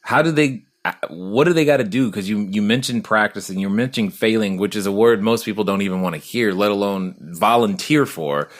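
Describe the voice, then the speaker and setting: A man hosting a podcast interview, talking casually with halting restarts and frequent laughs. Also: on the low side. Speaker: podcast host.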